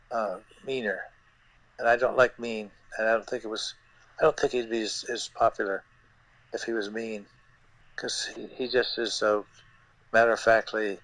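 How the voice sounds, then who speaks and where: An older man, a guest puppeteer, telling stories in an interview in a halting way, repeating words and using many fillers. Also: on the low side, fairly bright tone, no echo, low-quality recording. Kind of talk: anecdotal interview storytelling.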